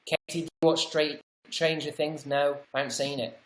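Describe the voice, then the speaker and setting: A British man hosting a casual livestream, reading viewer comments out loud and answering them with chatty, wry, self-deprecating asides. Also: fairly high pitch, little pitch movement, normal speed, reverberant. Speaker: livestream host.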